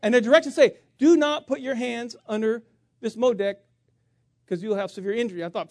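Animated self-mocking preacher man. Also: very high-pitched, quick pace, no room sound, studio quality. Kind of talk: sermon storytelling.

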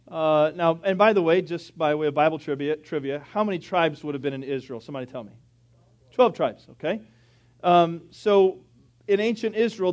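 A male pastor preaching a sermon in a church, telling folksy jokes as he goes. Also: high-pitched. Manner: folksy, joking storyteller. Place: church sanctuary.

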